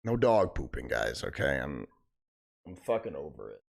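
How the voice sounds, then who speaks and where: Animated, swearing young man streamer. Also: very deep voice, normal speed, creaky. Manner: voice cracking. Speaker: livestream host. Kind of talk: casual live-stream chat.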